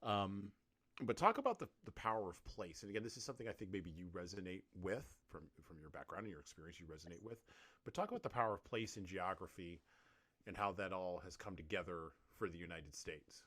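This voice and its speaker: A man hosting a podcast, asking questions in an animated, casual way. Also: sits low, fairly quick. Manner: animated questioner, leans on "right?". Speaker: podcast host.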